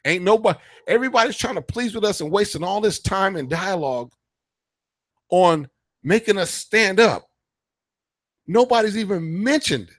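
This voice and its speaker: Talk-radio host, male, fiery and profane, slightly high voice, dry close sound. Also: dry recording. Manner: heated, profane, emphatic. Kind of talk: casual political rant.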